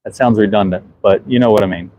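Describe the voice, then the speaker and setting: A man's voice: lowish voice, fast, a little mellow, slight background noise, poor audio. A man with a Southern US accent giving a casual live stream from a ship deck as its superintendent, answering viewer comments as he films.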